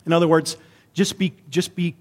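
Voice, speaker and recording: A man's voice: a little high, level tone, moderate pace. A Canadian man, a pastor, preaching a sermon in an earnest, conversational way with many rhetorical questions.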